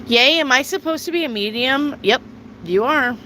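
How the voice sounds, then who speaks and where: A woman's voice: high voice, lively intonation, moderate pace, pushed and bright, a little hiss or hum, low-quality recording. A woman hosting a casual live tarot reading, chatty, reading viewer questions aloud and answering them. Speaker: tarot reader.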